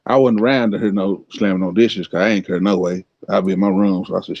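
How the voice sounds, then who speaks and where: Deep gravelly laid-back co-host, man. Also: fairly even intonation, fast, no echo. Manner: laid-back, slangy, blunt. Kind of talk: casual chat. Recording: dull lo-fi sound, off-mic.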